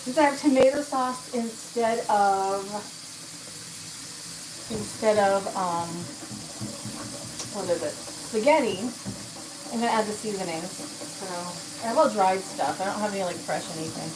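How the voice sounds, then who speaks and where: Speaking unhurriedly and pausing often, this livestream host has a mid-range voice over some background noise. She cooks on a casual stream, chatting with viewers, answering chat and narrating her own steps aloud, occasionally getting out of breath.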